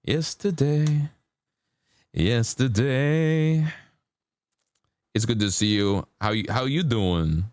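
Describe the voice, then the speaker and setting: A man's voice: fairly low pitch, expressive, moderate pace, few pauses, dry recording, studio quality. A man chatting casually with viewers on a live stream while he paints, laid-back and chatty. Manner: laid-back, chatty, sings along to songs in a put-on country twang.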